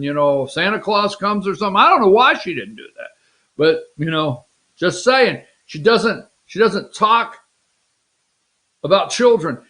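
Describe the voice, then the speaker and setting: A man's voice: high voice, fairly bright tone. A man hosting a political talk show, rambling and mocking in an off-the-cuff way. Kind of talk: casual political commentary.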